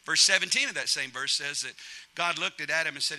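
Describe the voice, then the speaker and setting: A middle-aged man preaching a sermon, humorous and animated, acting out quotes in different voices. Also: on the high side, a little fast. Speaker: pastor.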